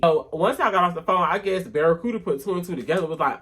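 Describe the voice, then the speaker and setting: A woman vlogger telling a story in a sassy, animated way, often dropping to low mutters. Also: fairly quick, few pauses, slightly rough. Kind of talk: casual storytime rant.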